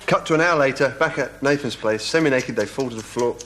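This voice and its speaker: Man playing an earnest writer, mid-pitched voice, plain steady reading. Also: quick pace, background noise, natural voice. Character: earnest male scriptwriter, reading a scene. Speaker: scriptwriter reading a scene. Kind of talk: sketch comedy acting.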